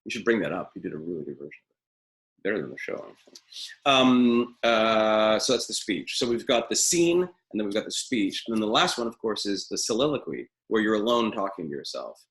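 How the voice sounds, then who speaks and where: Low, gravelly middle-aged acting teacher. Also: male voice, sing-song, fairly quick, a bit bright, low-quality recording. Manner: opinionated, rambling, many fillers. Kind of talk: live webinar lecture.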